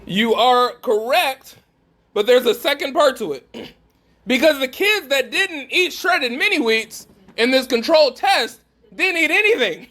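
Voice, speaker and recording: Very high-voiced man preaching emphatically. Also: expressive, measured pace, bright, forceful tone. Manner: emphatic, questions the listeners directly. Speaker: speaker at a faith gathering. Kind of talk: preaching talk to a live group.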